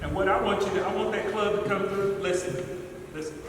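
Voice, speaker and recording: Coach-type man, high voice, upbeat and repetitive teaching; distant, echoey outdoor recording with noise. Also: a little fast. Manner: encouraging, repetitive, demonstrative. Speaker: golf coach. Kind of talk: outdoor instruction to youth.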